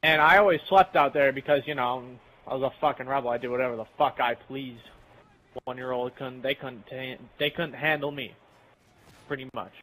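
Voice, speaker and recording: A man's voice: medium pitch, normal speed, bright, forceful tone, low-quality recording. A young man casually telling a rambling, profane story while playing a game with friends. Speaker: channel host.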